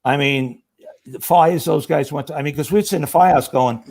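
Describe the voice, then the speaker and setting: A man's voice: fairly high pitch, a little fast, creaky. A middle-aged man telling fire stories as a podcast guest, acting out the quotes. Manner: animated storyteller acting out quotes. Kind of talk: casual storytelling.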